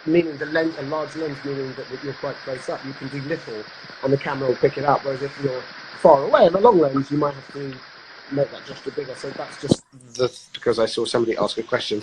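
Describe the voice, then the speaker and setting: A man's voice: medium pitch, background noise. A man and actor, chatting casually and rambling on a live video call, often restarting his sentences. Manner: rambling, self-interrupting, chatty. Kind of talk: casual chat.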